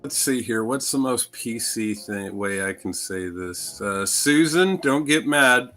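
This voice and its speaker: Slow, bright-voiced joking man. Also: medium pitch, expressive, faint music behind. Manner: jokey, hesitant, many fillers. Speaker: co-host. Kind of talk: casual podcast chat.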